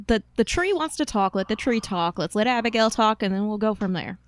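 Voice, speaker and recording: A woman playing a tabletop game, brisk and practical. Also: mid-range voice, lively intonation. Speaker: player.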